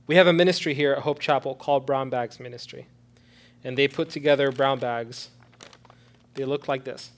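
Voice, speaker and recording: A man preaching as a pastor, earnestly urging and then leading a prayer, moving from soft, low prayer to loud pleading. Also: fairly even intonation, normal speed, long pauses. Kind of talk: sermon with altar-call prayer.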